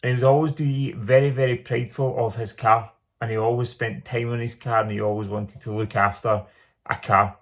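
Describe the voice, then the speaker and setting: A man's voice: medium pitch, flat delivery, fairly quick. Earnest man telling his story. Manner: earnest, repeats phrases for emphasis. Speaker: small business owner telling his story. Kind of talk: reflective personal storytelling monologue.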